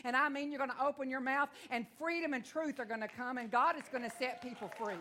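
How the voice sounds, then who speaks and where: A middle-aged woman with a Texan accent preaching a sermon in a folksy, animated way, with frequent amens and asides. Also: high voice, fast talker, a faint crowd.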